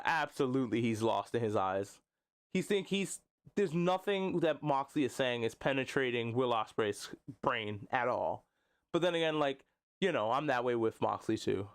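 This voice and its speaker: A man's voice: mid-range voice, clear, resonant tone. Jokey man chatting about wrestling. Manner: jokey, laughing often, drops into silly voices. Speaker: wrestling podcast host. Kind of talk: casual live-stream commentary.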